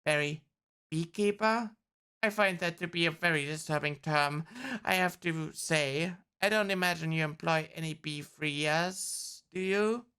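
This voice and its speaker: An earnest male bee lawyer, argued in a slow, measured way by a woman reading the lines aloud. The voice is smooth and clear, a little low, and read plainly off a film script without much put-on character. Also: bright, forceful tone. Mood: indignant.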